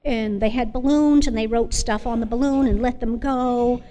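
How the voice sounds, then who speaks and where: Woman, slightly high voice, earnest personal testimony, halting with many fillers, long room reverb. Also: steady tone, dark tone. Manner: earnest and reflective. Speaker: Al-Anon member sharing her story.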